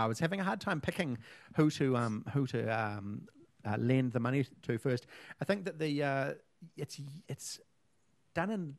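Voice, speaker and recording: Brief: New male co-host, rambling casual talker, mid pitch. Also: vocal fry, no echo. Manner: rambling, many fillers and restarts. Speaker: podcast co-host. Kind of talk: casual chat.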